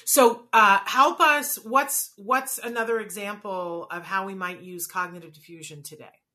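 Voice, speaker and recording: A woman's voice: medium pitch, a little slow. A woman hosting a conversation, a parent speaking candidly and with animation, asking questions and sharing her own experience. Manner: animated, candid, self-deprecating. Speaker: host, parent. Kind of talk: casual chat.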